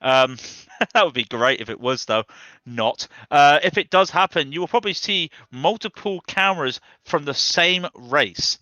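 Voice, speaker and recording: Bright-voiced jokey race commentator man. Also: a little high, lively intonation, unhurried, no room sound. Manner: chatty, jokey, laughs easily. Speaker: sim racing commentator.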